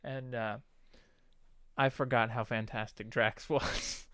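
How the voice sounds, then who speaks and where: Man, casual podcast chat, laughs a lot, acts out movie scenes, smooth voice. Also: medium pitch, steady tone, takes it slowly, a bit bright, no room sound, clean studio sound. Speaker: podcast co-host.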